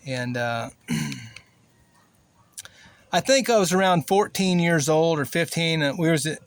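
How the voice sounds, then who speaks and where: A man in his sixties from Cuba telling a personal story in a plainspoken, rambling way, with many fillers and pauses. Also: fairly high pitch, clean tone, dry recording. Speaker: vlogger.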